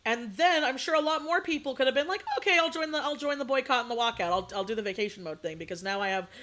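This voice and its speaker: A woman's voice: on the high side, fast talker, fairly bright tone. A young woman streaming live, ranting casually to her chat, swearing and laughing between points. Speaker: VTuber streamer.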